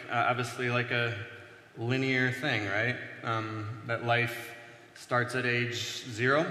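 Bright-voiced male pastor in an echoey hall. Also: mid-range voice. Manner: conversational, self-deprecating, many fillers. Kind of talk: casual sermon teaching at a whiteboard. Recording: echoey hall with long reverb.

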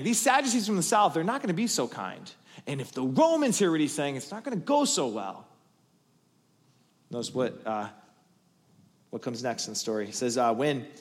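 A man preaching, his voice sitting a little high for a man and swinging widely in pitch. He tells the story with animated build-ups, getting loud and emphatic before dropping to quiet asides. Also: in a large hall. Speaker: pastor. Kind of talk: sermon.

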